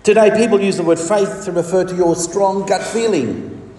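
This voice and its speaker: Preacher guy, mellow voice, slow emphatic delivery, far off in a big echoey church hall. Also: sits high. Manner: emphatic, measured preaching with dramatic pauses. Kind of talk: sermon. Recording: reverberant hall, distant mic.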